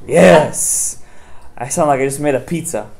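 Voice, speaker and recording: A man's voice: fairly high pitch, unhurried, creaky, a little mellow. A man, a rabbi, giving a Torah class to parents, firing rhetorical questions at his listeners and dropping Hebrew terms into his talk.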